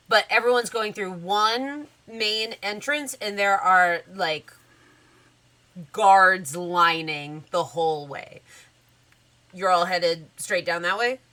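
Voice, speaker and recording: A woman running a tabletop game, her voice bright and clear. She talks slowly and casually, with lots of fillers, and describes scenes in a relaxed way. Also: mid-range voice. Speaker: game master.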